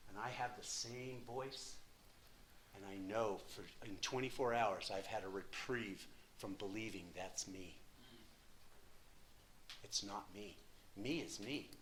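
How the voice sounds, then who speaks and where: A man's voice: on the low side, slow, pauses often, a little hiss or hum. Impassioned older man sharing his recovery. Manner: impassioned, emphatic, profane, swings from hushed to loud. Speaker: speaker at a recovery meeting. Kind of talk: personal recovery share.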